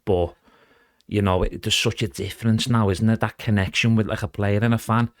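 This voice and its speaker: Chatty middle-aged man, low dry voice. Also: fairly even intonation, fairly quick, dry recording. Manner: chatty and rambling, calls the host "mate". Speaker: guest impressionist. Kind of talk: casual podcast chat.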